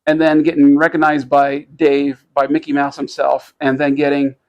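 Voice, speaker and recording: A man co-hosting a podcast, telling a story in casual chat, rambling and halting with many fillers, lively when he quotes others. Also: on the high side, clean tone, highs cut off. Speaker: podcast co-host.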